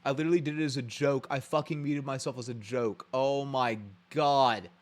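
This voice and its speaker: A man's voice: medium pitch, steady tone, normal speed. A man live-streaming his reactions to a game showcase, ranting bluntly and profanely with frequent restarts.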